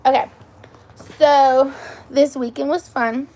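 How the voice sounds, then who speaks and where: A woman's voice: high-pitched, steady tone, slow pace, mellow. A woman hosting a casual live stream from home on her phone, chatting with viewers and cooing baby talk to her dog. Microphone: phone camera.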